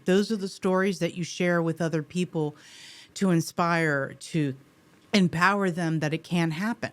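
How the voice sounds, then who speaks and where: A woman actor as an interview guest, telling a story in an animated, emotional way. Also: fairly low pitch, moderate pace, dry recording.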